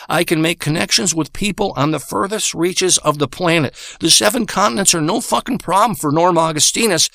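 A man's voice: sits high, gravelly, sharp tone, no echo, clean studio sound. Profane, boastful ranting man. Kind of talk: crude comedic rant.

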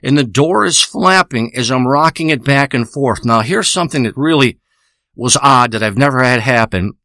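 Crude rambling man with a sharp voice. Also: medium pitch, lively intonation, normal speed, no echo, studio quality. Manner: profane, rambling, boastful, repeats himself. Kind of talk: rambling crude spoken monologue. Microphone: close studio microphone.

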